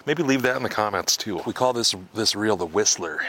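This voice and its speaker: Quick-talking with few pauses, this man has a lowish, sharp-toned voice over a little hiss or hum. He's an outdoor vlogger out in the woods fishing and cooking, chatting to the camera, making jokes at his own expense and at times short of breath.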